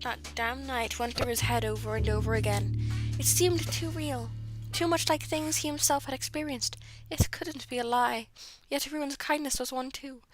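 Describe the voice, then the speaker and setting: A woman's voice: high voice, moderate pace, few pauses. Giggly woman streamer reading fan fiction. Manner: giggly, breaks off to comment and apologize. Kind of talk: reading friends' fan fiction aloud with casual asides. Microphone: streaming mic. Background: music playing.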